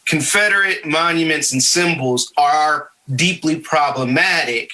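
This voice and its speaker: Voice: mid-range voice, unhurried, bright, forceful tone, rough recording. A podcast panelist in a casual discussion, talking emphatically and repeating key points for stress.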